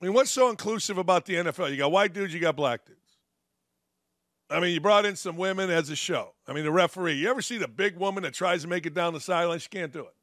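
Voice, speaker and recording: A man's voice: high-pitched, fast, fairly bright tone, no echo, clean studio sound. A man hosting a sports talk show, delivering a combative, sarcastic opinion monologue. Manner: combative, sarcastic, mocking quotes.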